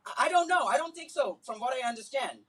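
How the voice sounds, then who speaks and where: A man with a very high-pitched voice delivers an earnest community speech. He builds to forceful, repeated emphatic lines. His voice is picked up from some distance away from the microphone. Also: lively intonation, fast. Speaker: community speaker at a solidarity event. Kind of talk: impassioned public speech with personal stories. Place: Islamic center event.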